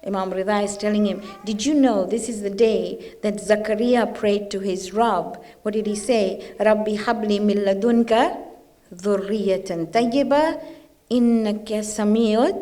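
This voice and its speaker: A woman speaking at a religious gathering, talking informally and often putting questions to the audience. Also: a little high. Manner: conversational, asks the audience questions.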